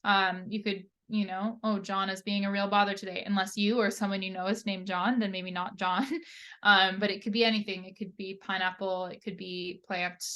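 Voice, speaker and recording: A woman, an occupational therapist, presenting a lesson in a relaxed, conversational way that often checks in with the listener. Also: medium pitch. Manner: relaxed, conversational, many tag questions.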